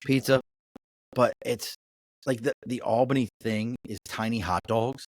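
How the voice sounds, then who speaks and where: In a dry recording with no room sound, a medium-pitched male voice speaks at an unhurried, steady pace. He's a middle-aged Baltimore-accented business owner from the Mid-Atlantic US, casually chatting on a podcast and spinning profane, blunt anecdotes.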